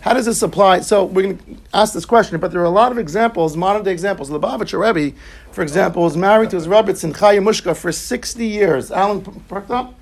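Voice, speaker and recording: Gravelly high-voiced man teaching Talmud. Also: fast talker. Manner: explains Aramaic text line by line in English, yeshivish terms. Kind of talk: Talmud class lecture.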